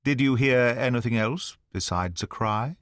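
A man's voice: medium pitch, moderate pace, fairly bright tone, no echo, studio quality, close to an everyday voice. A man reading the part of a sly, nervous male naturalist who feigns polite concern, asking probing questions. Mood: wary. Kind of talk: audiobook dialogue reading.

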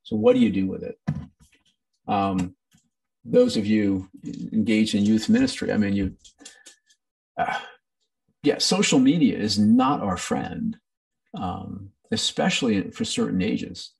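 A man's voice: fairly low pitch, expressive, a little slow, vocal fry, pauses often, recorded from a distance. A man teaching a training session in a conversational way, with many ums and acted-out quotes. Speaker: workshop presenter.

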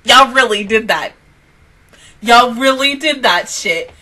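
A young woman hosting an anime reaction video, speaking, excitable and swearing freely, swinging between loud outbursts and hushed whispers. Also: on the high side, takes it slowly, rough recording. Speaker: anime reaction channel host.

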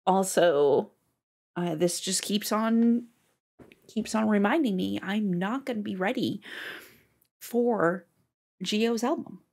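A woman's voice: mid-range voice, slow, creaky, long pauses, a little mellow. A woman hosting a music reaction video, talking casually and exclaiming and swearing in surprise. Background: faint music playing.

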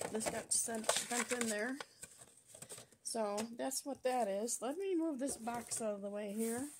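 A woman's voice: fairly high pitch, noisy background. A woman hosting a craft channel, chatting casually and gushing as she unboxes craft supplies. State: out of breath. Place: at a table at home.

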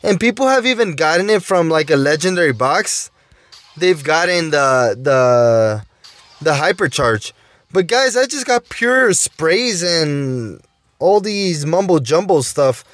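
A man with a high voice gives unhurried gameplay commentary as he opens loot boxes. He keeps begging for luck and calls out to his viewers constantly. His voice sounds dry and close. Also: animated, a bit bright, no room sound. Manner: pleading, keeps saying "guys" and "oh my dude". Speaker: mobile gaming YouTuber.

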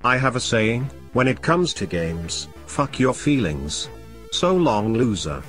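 A man hosts a scripted comedy sketch as a boastful, foul-mouthed game collector, ranting in an animated voice that swings up and down. Soft music sits faintly behind him. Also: mid-range voice, slow. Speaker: comedic host playing an angry game collector.

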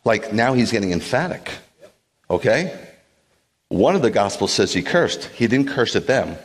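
A middle-aged man, a rabbi, preaching a sermon and retelling the story dramatically, acting out voices and dropping to a hush. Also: low voice, lively intonation, moderate pace. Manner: dramatic retelling, acts out voices, shifts from loud to hushed.

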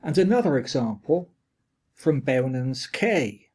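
A man delivering a read lecture at an unhurried, careful pace. His voice sits a little higher than most men's, and each quoted example and gloss gets measured emphasis. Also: animated, darkish tone.

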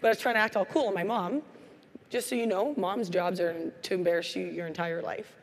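Energetic woman speaking in a reverberant hall. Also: lowish voice, brisk. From Canada. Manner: energetic storytelling, acting out quoted voices. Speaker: keynote speaker. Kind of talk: motivational keynote speech. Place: large hall.

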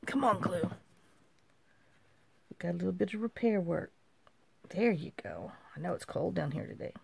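A woman's voice: fairly low pitch, big pitch swings, moderate pace, vocal fry, slightly rough, dry recording. A middle-aged woman, casually showing off handmade craft mail and exclaiming over each piece as she talks to herself. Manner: chatty, talks to herself while handling items, exclaims often. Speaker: craft channel host.

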